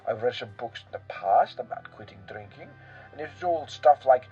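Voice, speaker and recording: A man's voice: medium pitch, animated, normal speed, warm tone, muffled recording, faint music behind, natural voice. A man playing a rambling, boastful European man who pokes fun at himself, in a comic character monologue full of fillers and asides.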